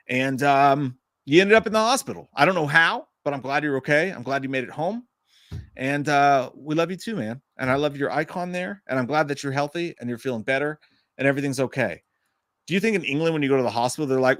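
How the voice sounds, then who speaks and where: A man's voice: mid-range voice, fairly bright tone, dry recording, clean studio sound. A man co-hosting a live movie podcast, riffing in a profane, rambling, casual way. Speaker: podcast co-host.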